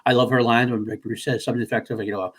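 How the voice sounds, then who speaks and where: A man's voice: mid-range voice, flat delivery, racing, a little hiss or hum. A man co-hosting a podcast, talking about films in a casual, enthusiastic, rambling way. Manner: enthusiastic, rambling, with restarts and swearing. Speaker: podcast co-host. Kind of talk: casual movie discussion.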